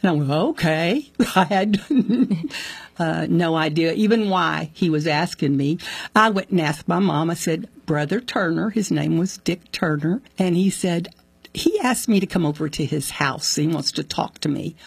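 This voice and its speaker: A woman telling the story of her conversion in conversation. She acts out what people said with sudden jumps in pitch and laughs often. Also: lively intonation, a little slow, vocal fry, slightly rough, dry recording. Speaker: guest sharing her faith testimony.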